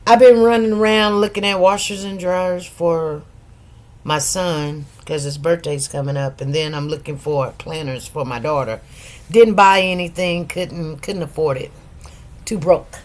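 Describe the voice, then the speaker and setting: A woman's voice: on the low side, a little slow. A middle-aged woman hosting a casual live stream, chatting loosely, greeting viewers by name and repeating words for emphasis. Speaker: livestream host.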